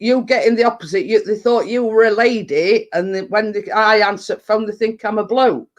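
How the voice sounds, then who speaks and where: A middle-aged woman with a Yorkshire accent and a slightly deep voice, chatting casually on a livestream and rambling with lots of fillers. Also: moderate pace, muffled recording. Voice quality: a bit deep. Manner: rambling, full of fillers and restarts. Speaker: livestream host. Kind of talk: casual live chat.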